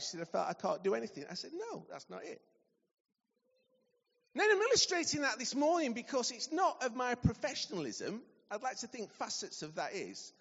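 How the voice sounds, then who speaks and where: Guy preaching, high voice swinging all over, long hall echo. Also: slightly rough. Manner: animated storytelling, acting out dialogue. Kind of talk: sermon. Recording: dull recording in a large reverberant hall.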